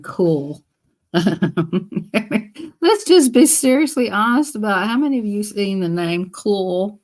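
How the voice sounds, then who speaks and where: A woman's voice: on the low side, darkish tone. A woman hosting a casual live stream, chatting in a rambling, repetitive way. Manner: rambling, chatty, repeats herself.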